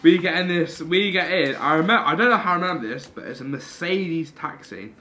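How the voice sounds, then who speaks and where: A young man, a podcast guest telling anecdotes in a casual, animated way, swearing and laughing as he goes. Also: a little high, a little fast. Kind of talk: casual storytelling.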